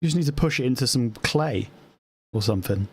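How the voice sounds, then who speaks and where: A man's voice: mid-range voice, animated, fairly quick, breathy edge. A man playing a tabletop game, scheming and laughing often, in a casual chat. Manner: scheming, laughs often, restarts mid-sentence. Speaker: player.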